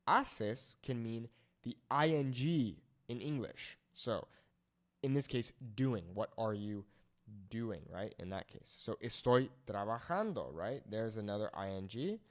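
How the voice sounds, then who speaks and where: A man teaching a language lesson, explaining phrases patiently and switching between English and Spanish examples. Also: medium pitch.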